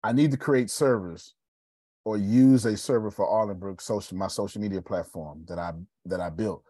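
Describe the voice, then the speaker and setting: A man hosting a live video show, talking casually with animated, preachy energy. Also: on the low side, normal speed, no echo, studio quality. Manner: animated and preachy, with Southern Black American slang. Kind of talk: casual live-stream talk.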